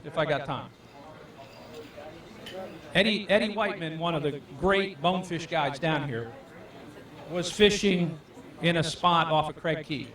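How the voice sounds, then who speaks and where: A man, a fishing guide, telling fishing stories to a live audience and acting out the voices of the people in them. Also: high voice. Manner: lively, acts out the voices in his stories. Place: event hall. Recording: echoey room, far from the mic.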